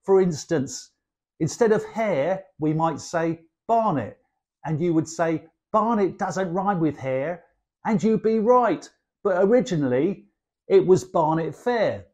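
An older man with a broad Cockney accent speaks slowly, his voice sitting high for a man. He explains slang cheekily, with playful asides. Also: animated, darkish tone. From East End of London. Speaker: guest dialect speaker.

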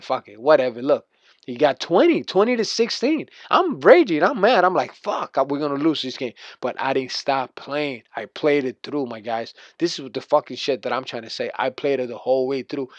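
Boastful trash-talking man, higher voice. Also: no room sound. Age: adult. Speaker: video game player. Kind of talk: gameplay commentary rant. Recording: dull lo-fi dry recording.

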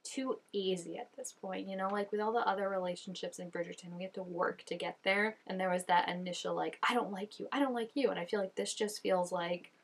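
A woman's voice: fairly low pitch, fairly even intonation, fairly quick, hardly any pauses. A young woman giving casual reaction commentary, chatty and full of "like" fillers. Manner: chatty, filler-heavy with constant "like". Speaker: reaction video host.

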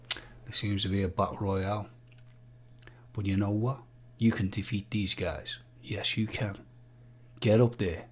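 A man hosting a live-stream vaping quiz, playful and jokey, humming jingles and reading out viewers' answers. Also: fairly low pitch. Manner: jokey, sings jingles, reads out viewer names. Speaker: livestream quiz host.

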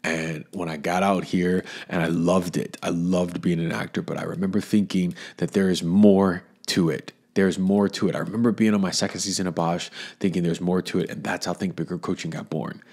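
Man, deep low voice, middle-aged, from Florida, podcast host, earnest, emotional, repeats phrases. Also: steady tone, a little fast, hardly any pauses, breathy edge. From Florida, USA. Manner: earnest and emotional, repeats phrases, drops to a hush when moved. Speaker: podcast host and acting coach. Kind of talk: solo podcast monologue.

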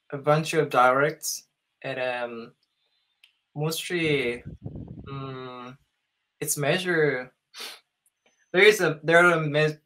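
A man's voice: a little high, bright, forceful tone. A man in his thirties from Japan with a Japanese accent, practicing English in a casual chat on a video call, hesitating often and searching for words. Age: 30s. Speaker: English learner.

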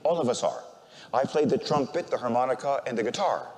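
An older man, a priest, preaching a sermon and telling an emotional personal story, swinging from loud proclamation to quiet, near-tearful speech. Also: mid-range voice, sing-song, brisk, long reverb tail.

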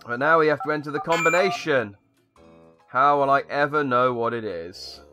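A man's voice: medium pitch, normal speed, sharp tone, soft background music. A young man giving sarcastic, rambling commentary while playing a video game. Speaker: gaming YouTuber. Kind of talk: sarcastic let's-play commentary.

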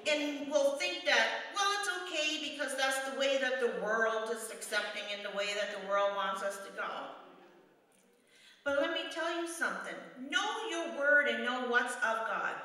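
Woman preaching a testimony, emphatic repeats, bright forceful tone, echoey church hall heard from far off. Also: sits high, moderate pace. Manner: emphatic, repeats lines for effect, drops to a hush for stories. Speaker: guest speaker at a church service. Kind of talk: testimony sermon. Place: church sanctuary.

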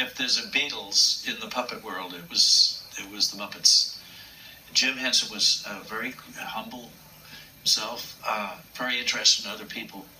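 An older man, a puppeteer, telling stories from his career in an interview, acting out the voices he quotes. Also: fairly low pitch. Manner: warm, anecdotal, acts out quotes. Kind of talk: reminiscing interview storytelling. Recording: distant mic with faint room noise.

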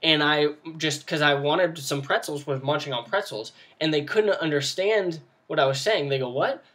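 A young man with a slightly high voice gives a casual, off-camera tutorial on tabletop role-playing. He rambles a little and fills the gaps with ums and quick restarts, so it sounds like relaxed, unscripted talk. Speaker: tabletop game tutorial host. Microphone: voice-over with no face shown.

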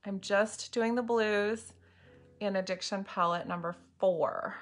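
A woman's voice: mid-range voice, steady tone, measured pace, faint music behind. A woman chatting casually with viewers while she demonstrates eye makeup on a live video at home. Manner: chatty, bubbly, talks to viewers by name. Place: home room lit by ring light and window light.

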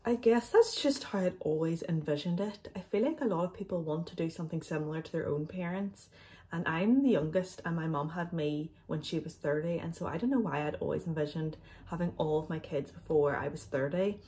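A woman's voice: sits low, brisk, mellow. Chatty woman, slightly breathless. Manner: chatty, loose, frequent ums. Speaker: vlogger. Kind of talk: casual chat answering viewer questions.

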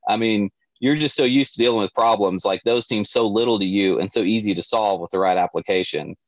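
A man with a fairly low voice chats casually as a guest on a sales show. He rambles, filling gaps with "you know" and "um". The recording is dry and muffled. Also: a little fast, no room sound. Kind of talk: casual chat.

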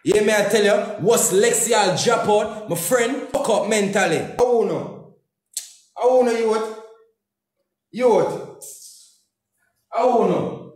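A comedian and YouTuber with a Jamaican accent delivers an angry social media rant in Patois, cursing and repeating himself heatedly. His voice is high-pitched and his pace measured, with frequent pauses. The room is very echoey.

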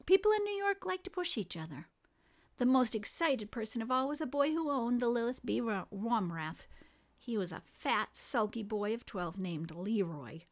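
A woman reading a children's book aloud in an expressive, lively storytelling manner. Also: on the high side, normal speed.

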